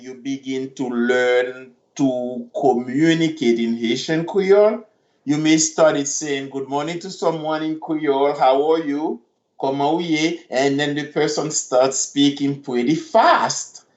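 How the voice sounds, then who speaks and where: A man teaching a language lesson online, repeating phrases slowly and breaking them into syllables. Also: a little high, echoey room. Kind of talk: slow language lesson, modeling pronunciation. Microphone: computer mic on a video call. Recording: dull lo-fi online class audio.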